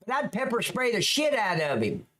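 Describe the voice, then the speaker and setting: Scornful swearing male commentator with lively pitch. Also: moderate pace, background noise. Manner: sarcastic, scornful, swears constantly. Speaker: commentator reacting to police footage. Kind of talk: profane video commentary.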